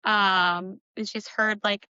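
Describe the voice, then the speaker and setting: A woman's voice: medium pitch, level tone, slow, bright, forceful tone, smooth, dry recording, dull audio. A young woman co-hosting a casual book podcast, recapping chapters in a chatty way with giggles and filler words.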